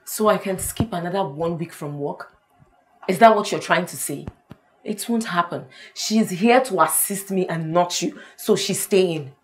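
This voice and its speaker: A woman's voice: fairly low pitch, a little slow, close to an everyday voice, rough recording. An actress playing a firm, defensive wife and mother with a Nigerian accent. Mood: defiant.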